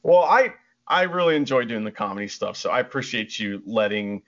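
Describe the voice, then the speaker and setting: A man's voice: mid-range voice, expressive, a little fast, fairly bright tone. A man co-hosting a podcast in casual chat, giggly, loose and rambling. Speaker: podcast co-host. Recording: dull lo-fi audio.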